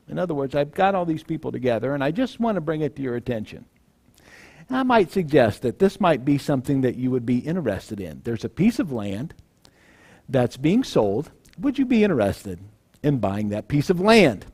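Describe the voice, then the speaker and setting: A man's voice: medium pitch, very animated, normal speed, a little mellow. A male pastor giving a sermon in a conversational way, acting out the people in the story.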